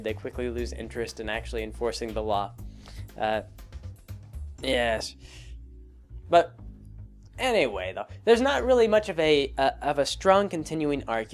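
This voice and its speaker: A man hosting a casual spoken commentary, rambling along with many fillers and restarts. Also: medium pitch. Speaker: host.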